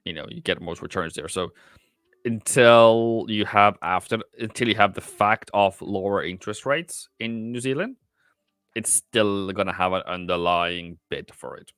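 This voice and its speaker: A man's voice: lowish voice, normal speed, a bit bright, clean tone, dry recording, clean studio sound. A man hosting a live trading stream, thinking aloud with many fillers and answering the chat in casual commentary. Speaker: livestream forex trader and host.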